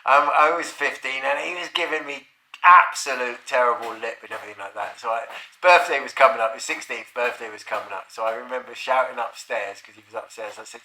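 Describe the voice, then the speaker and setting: Bright-toned man rambling through anecdotes. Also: mid-range voice, fairly quick. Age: middle-aged. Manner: rambling, profane, chuckling. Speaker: storyteller. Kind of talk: casual anecdote. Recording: roomy echo.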